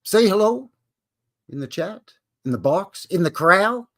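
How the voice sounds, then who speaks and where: Male streamer, casual and jokey, animated lilt, uses folksy cowboy greetings. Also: high voice, a little slow. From Canada. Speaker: livestream host. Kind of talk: casual live-stream chat.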